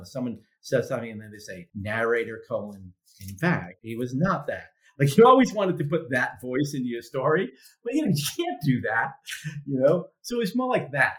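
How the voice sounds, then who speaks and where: A man, a guest author, telling stories in casual conversation, animated and profane, acting out quotes in mocking voices. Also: medium pitch.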